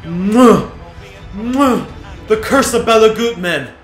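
A man commentating his own football video game, muttering then yelling with excitement, his voice going hoarse. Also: high voice, takes it slowly, roomy sound, soft background music. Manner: excitable, swings from mutters to shouts. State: losing his voice. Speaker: gaming YouTuber.

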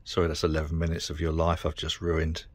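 A middle-aged British vlogger rants to camera in a casual, frustrated, sweary and rambling way. His voice is extremely low and completely flat, and he talks fast on a dry recording.

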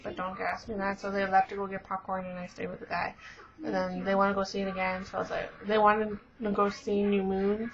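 Gushing teen girl, lo-fi webcam. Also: mid-range voice. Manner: gushing, rambling, many fillers. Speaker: vlogger. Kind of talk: casual chat. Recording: dull lo-fi webcam audio.

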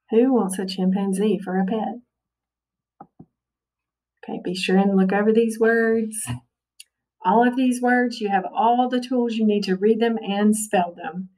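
A woman's voice: medium pitch, steady tone, a little slow, pauses often, warm tone, distant mic, poor audio. A woman teacher giving a recorded phonics lesson, patient and checking in with "okay" often.

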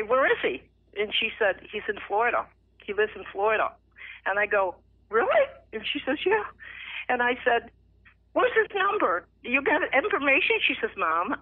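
A middle-aged woman calls in to share her faith testimony, retelling it with feeling and acting out each quote with lively jumps in her voice. Her voice is of middling pitch and comes through a thin, phone-like line. The sound is dry, with no room around it. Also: no room sound. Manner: emotional, animated retelling with lively acted quotes. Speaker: radio guest sharing a testimony. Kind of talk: personal faith testimony, storytelling.

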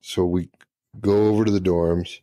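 A man's voice: deep voice, flat delivery, moderate pace, warm tone. A middle-aged man, a retired senior master sergeant, telling profane, laughing anecdotes in casual storytelling.

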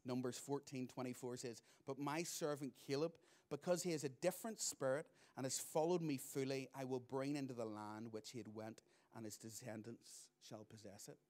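A middle-aged man, preaching a sermon as pastor, moving between loud emphatic lines and quiet asides. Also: mid-range voice, steady tone, normal speed, hardly any pauses.

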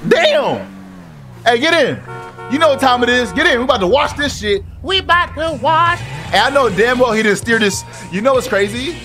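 A young man streaming a role-play driving game, loud and excitable, swearing freely and shouting at other players. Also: very high voice, fast. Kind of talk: loud gaming commentary. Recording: game music playing behind.

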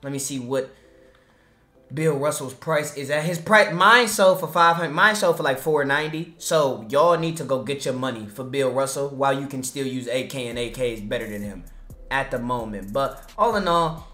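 A young man doing casual, slangy commentary over his basketball video game, trash-talking and sometimes shouting or singing. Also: mid-range voice, moderate pace. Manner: hyped slangy trash talk, sings and shouts over play. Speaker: gaming YouTuber.

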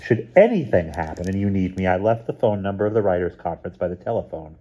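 A man reading a storybook aloud, voicing a busy mother who talks with brisk, forced cheerfulness. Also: low-pitched, animated, mellow, husky, lo-fi sound. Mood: forced cheer.

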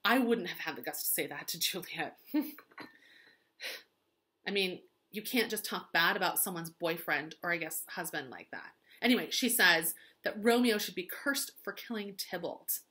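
A woman's voice: fairly low pitch, lively intonation, moderate pace, bright, forceful tone. A woman teacher retelling a play as gossipy valley-girl chatter, full of "like" and dramatic asides.

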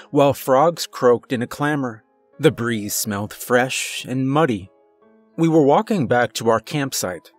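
A man giving a measured, low-key scripted horror narration.

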